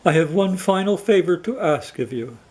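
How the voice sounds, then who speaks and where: A high, whining male lion king from a cartoon folktale, weak with hunger and pleading for food, put on by a male storyteller. His voice sits well above the narrator's own. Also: animated, normal speed, darkish tone, rough recording. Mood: weary. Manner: high, whiny and begging.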